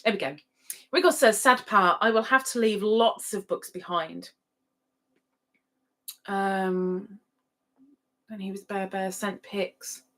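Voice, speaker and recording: Slow-talking woman hosting a livestream. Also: mid-range voice, steady tone, fairly bright tone. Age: middle-aged. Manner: chatty, giggly, sings playfully. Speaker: livestream host. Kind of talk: casual livestream chat reading comments.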